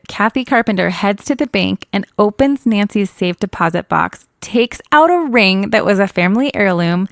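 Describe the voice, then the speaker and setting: A woman's voice: medium pitch, gravelly, no echo. Chatty woman retelling a true crime case. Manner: chatty, laughs often, self-correcting. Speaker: true crime podcast co-host. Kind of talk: casual chat retelling a case.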